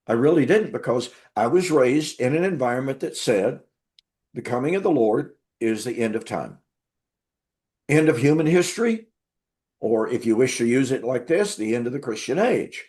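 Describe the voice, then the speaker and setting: A man's voice: mid-range voice, expressive, moderate pace, darkish tone. A man telling his story as an interview guest and Bible teacher, emphatic, repeating words for stress.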